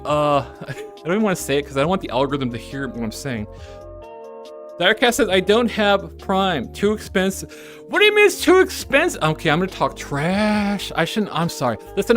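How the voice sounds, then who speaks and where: A woman streamer chatting casually on a live stream, reading chat messages aloud with frequent giggles and self-correcting asides. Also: mid-range voice. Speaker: VTuber streamer.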